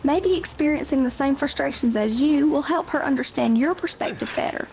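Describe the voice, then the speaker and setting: A woman's voice acting as an AI co-host, calmly and wordily restating what the player says. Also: sits high, a little fast, slight background noise, rough recording. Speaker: AI chat companion co-host. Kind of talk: reflective listening commentary.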